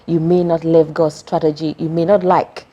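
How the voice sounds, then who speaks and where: A female talk show host with a husky, mellow voice. She affirms her guest and reads out chapter headings. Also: sits low, level tone, moderate pace, dull audio. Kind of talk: interview.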